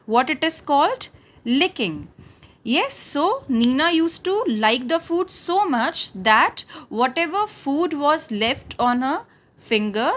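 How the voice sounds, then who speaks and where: High sing-song lady teacher, slow and lively, explaining a story to little kids. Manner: sing-song, asks questions then answers them. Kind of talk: reading and explaining a textbook lesson to young children.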